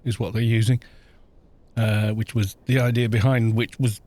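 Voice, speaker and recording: A man streaming a game, chatting casually in a quiet, gentle voice, rambling with restarts and soft laughs. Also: lowish voice, level tone, moderate pace. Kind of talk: casual live-stream chat while gaming.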